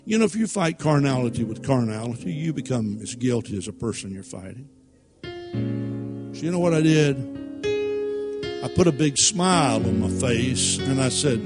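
A man preaching a sermon through folksy, animated personal stories and laughing at his own tales. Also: mid-range voice, moderate pace, music in the background. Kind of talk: sermon storytelling.

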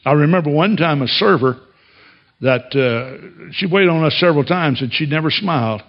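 A man's voice: on the high side, normal speed. Folksy male pastor, dull recording. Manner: folksy storytelling, chuckling often. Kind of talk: sermon.

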